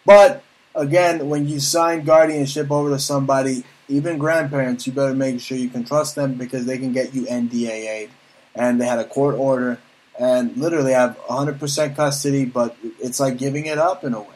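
A man hosting a live talk show, ranting loudly and profanely in long, rambling tirades. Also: mid-range voice, fairly even intonation, brisk, low-quality recording. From United States. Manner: loud, profane, rambling rants.

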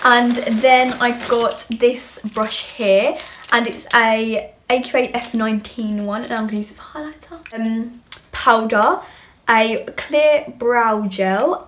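A woman's voice: a little high, fairly bright tone. A young woman chatting through an unboxing as a beauty vlogger, bubbly and rambling as she gushes. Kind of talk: casual unboxing chat. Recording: clear background noise with clicks.

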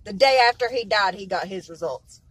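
A woman's voice: medium pitch, expressive, a little fast, breathy edge, rough recording. A woman vlogging casually, blunt and indignant, swearing freely. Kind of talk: casual vlog.

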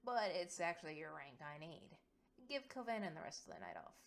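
A woman's voice: sits low, sing-song, a little fast, vocal fry, exaggerated voice. A woman doing a mischievous beast-eared lieutenant. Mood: teasing. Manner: teasing and mischievous. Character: playful beast-eared female lieutenant, scheming and fond.

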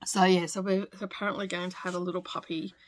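A woman's voice: lowish voice, little pitch movement, fast talker, slight background noise. An Australian woman in her forties chatting casually in her home sewing studio, rambling with lots of fillers. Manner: chatty and rambling, many fillers, with little laughs. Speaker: sewing vlogger. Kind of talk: casual chat.

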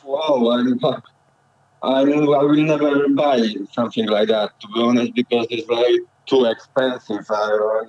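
A man's voice: medium pitch, flat delivery, a little slow, darkish tone, lo-fi sound. Overwhelmed man on a video call. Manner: overwhelmed, repeating exclamations, laughing and crying. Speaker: prize winner.

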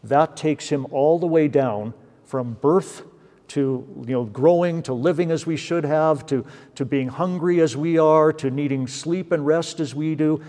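A man's voice: fairly high pitch, mellow. A man leading a Bible study in a church, explaining scripture in an emphatic teaching manner and often checking in with "right?" and "okay?". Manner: explanatory, stressing words, frequent "right?" and "okay?". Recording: church hall reverb.

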